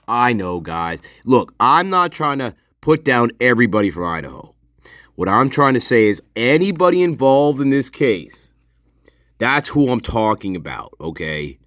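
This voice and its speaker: A man's voice: medium pitch, very animated, a little slow, a bit bright, no room sound, clean studio sound. A man giving sarcastic, profane casual commentary over video footage, laughing often. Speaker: online commentator.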